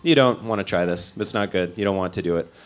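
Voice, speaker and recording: A stand-up comedian voicing his weary male buddy, a longtime drug user, who talks in a low, flat way to talk him out of something. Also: fast talker, clear, resonant tone, lightly acted. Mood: warning.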